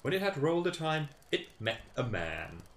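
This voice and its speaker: A young man reads a folk tale aloud in a casual, joking way, tossing in sarcastic asides. His pitch swings widely and sits a bit high. The sound is roomy with a faint hum behind. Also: big pitch swings, moderate pace. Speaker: streamer reading a story. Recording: roomy echo with faint ambience.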